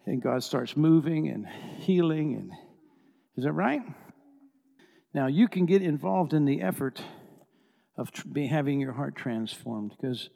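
Animated male preacher in echoing hall. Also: mid-range voice, measured pace, gravelly. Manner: animated, swings from hushed to shouting. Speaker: preacher and worship leader. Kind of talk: storytelling sermon.

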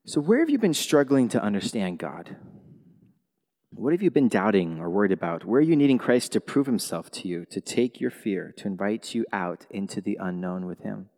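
Animated male pastor in an echoing hall. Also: fairly low pitch, moderate pace. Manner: animated, swings from quiet to loud exclamations. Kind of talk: sermon. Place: church sanctuary. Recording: long hall reverb.

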